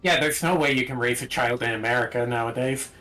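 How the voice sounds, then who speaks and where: A man's voice: medium pitch, fast, sharp tone. Laid-back man making wry comments. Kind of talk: casual live game stream chat.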